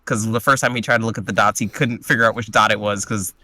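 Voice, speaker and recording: A man's voice: on the low side, fast talker, no room sound. A man casually recapping a tabletop game session with crude, joking energy. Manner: crude, joking, animated retelling. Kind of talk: casual chat.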